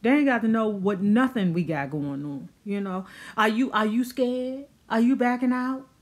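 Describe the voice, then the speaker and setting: Brief: a woman playing a bossy shelter boss, needling and mocking, a bit higher than normal. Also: moderate pace, close to an everyday voice. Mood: taunting.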